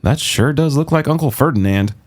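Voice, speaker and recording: A man's voice: a little high, lively intonation, a little fast, voice pushed up. A man reading an audiobook, voicing a jittery young satyr boy who bleats and yelps nervously. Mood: panicky.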